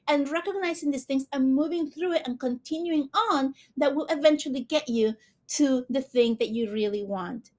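A woman hosting a podcast, giving an earnest, gushing motivational talk on manifesting, speaking quickly. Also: high-pitched, a little mellow. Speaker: podcast host.

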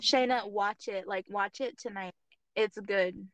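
A woman's voice: mid-range voice, steady tone, unhurried, fairly bright tone. A young woman co-hosting a podcast, casually venting about a movie with many fillers. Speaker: podcast co-host. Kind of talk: casual chat.

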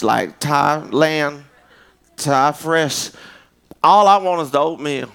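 A man with a voice pitched a little high preaches in a loose, casual style. He tells stories, jokes, and talks straight to the crowd with animated energy. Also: slow, long pauses, clean tone. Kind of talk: casual storytelling sermon.

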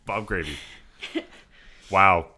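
A man's voice: sits low, drawn-out words, a crowd in the background. A man co-hosting a podcast, laid-back and joking, with casual swearing. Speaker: podcast co-host. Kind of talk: casual movie review chat.

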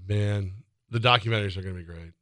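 A man's voice: on the low side, fairly quick, sharp tone, dry recording. A man co-hosting sports talk radio, joking and sarcastic in banter on a studio microphone. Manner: joking, sarcastic, laughs along.

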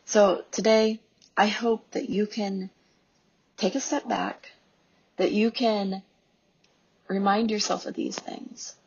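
A woman in her thirties, a homeschooling mom and podcast host, giving an earnest devotional talk with soft pauses. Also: mid-range voice, fairly even intonation, creaky, husky, lo-fi sound.

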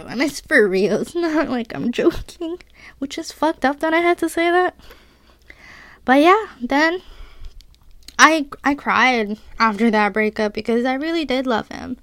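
A woman's voice: sits high, normal speed, fairly bright tone, no echo. A young woman hosting a podcast, telling a personal story in a confessional, giggly way, with lots of "like". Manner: confessional, giggly, says "like" often. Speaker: podcast host.

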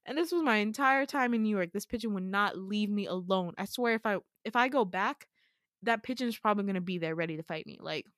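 A woman podcast host telling a story casually, chatty and animated, swearing freely. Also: mid-range voice, brisk, dry recording, studio quality. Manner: chatty, profane, animated retelling.

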